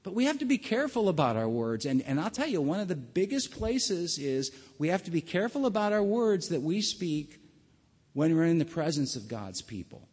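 Male pastor, earnest halting sermon, slightly high voice, long hall reverb. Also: sing-song, a little mellow, husky. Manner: earnest, halting, many restarts.

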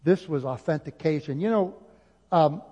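A male pastor preaching an impassioned sermon, rising at times to near shouting. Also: on the high side, normal speed. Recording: dull audio with long hall reverb.

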